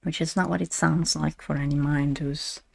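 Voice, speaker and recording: A woman's voice: sits low, steady tone, moderate pace, gravelly, a little mellow. A woman streamer giving playful announcer-style live commentary, repeating her phrases as she goes.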